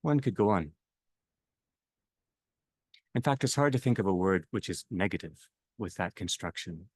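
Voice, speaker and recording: A man with a very low voice leads a reflective theological talk. He speaks in slow, halting phrases that often fade softly at the end. The sound is dry and close, with no room echo. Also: animated. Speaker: discussion leader.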